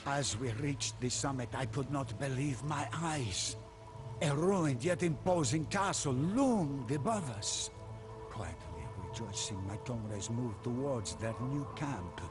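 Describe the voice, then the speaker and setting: A man narrating a game cutscene as a commander recounting a journey, in a measured storytelling manner. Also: mid-range voice, animated. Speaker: campaign narrator. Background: orchestral music.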